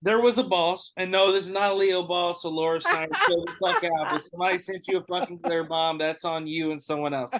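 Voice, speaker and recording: A man hosting a podcast, telling a story in a casual, animated way with lots of swearing and acted-out dialogue. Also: sits high, fairly quick, hardly any pauses. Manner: animated, profane, acts out others' lines. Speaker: podcast host.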